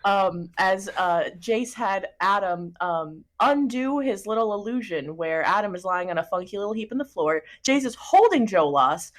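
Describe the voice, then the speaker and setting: A woman recapping a tabletop game session in a fast, chatty, giggly way. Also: mid-range voice, expressive.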